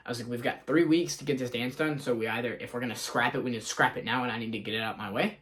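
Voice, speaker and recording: This young vlogger talks very fast from his car, his medium-pitched voice slightly bright and fairly even in intonation. Scatterbrained and casual, he rambles through a day recap, repeating what he and others said.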